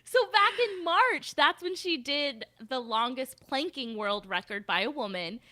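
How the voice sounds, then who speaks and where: A woman co-hosting a podcast chats casually, telling stories with animation and reading headlines aloud. She speaks in a high-pitched, unhurried voice.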